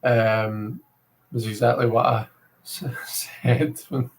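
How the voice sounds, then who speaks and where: A Scottish man chatting casually on a livestream, his voice sitting at an ordinary middle pitch. He rambles from one thought to the next, leaning on filler words as he talks to his viewers. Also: flat delivery, slow, low-quality recording. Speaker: livestream host.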